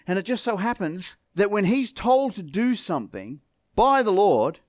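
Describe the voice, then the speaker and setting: A man preaching a sermon, emphatic and dramatic, dropping to a hush and then building to forceful declarations. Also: high voice, sing-song, normal speed, no room sound, studio quality.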